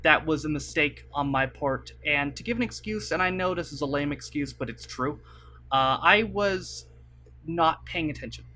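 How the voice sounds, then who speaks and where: A young man vlogs casually from his computer desk, rambling on with many fillers and frequent apologies to the camera. As a YouTuber using a desk mic at his webcam setup, he speaks at a moderate pace in a slightly high, pushed, bright voice.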